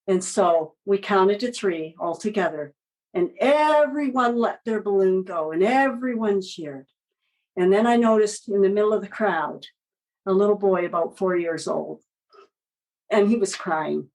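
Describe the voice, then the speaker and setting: A woman, a children's book author, telling a story as a guest in a podcast interview in a gentle, encouraging way. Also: mid-range voice, a little slow, low-quality recording.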